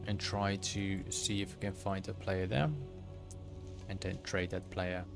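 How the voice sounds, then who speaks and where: Low-voiced man streaming a game. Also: level tone, unhurried, creaky. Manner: easygoing, chats with viewers while playing. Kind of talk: casual live-stream chat while gaming. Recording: game music playing under the voice. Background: game music.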